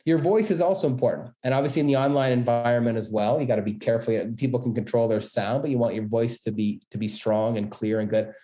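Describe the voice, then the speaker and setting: A middle-aged man, a business school dean, giving an energetic, quick-paced webinar talk on presenting. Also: mid-range voice. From Canada. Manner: fast, energetic talker with many quick asides. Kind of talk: presentation tips lecture. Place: room, webinar. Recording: roomy echo.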